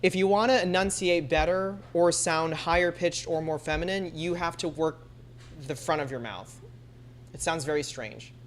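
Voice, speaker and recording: Woman streamer, casual chat, low pitch, chatty with many fillers. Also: moderate pace.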